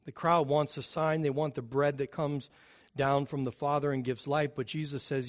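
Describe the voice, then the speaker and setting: A man preaching a sermon, emphatic, swelling loud on key phrases and dropping low and quiet between them. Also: little pitch movement, moderate pace.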